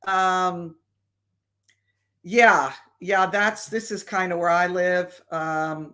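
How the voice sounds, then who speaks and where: A woman hosting a live stream and answering viewer questions in a casual, deliberate way with many fillers. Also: on the low side, fairly bright tone.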